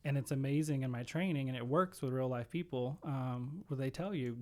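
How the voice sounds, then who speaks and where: A man's voice: mid-range voice, brisk, hardly any pauses, warm tone. A man guesting on a podcast, telling stories in casual conversation and acting out the voices of the people he quotes. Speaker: podcast guest, home care executive. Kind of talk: conversational storytelling.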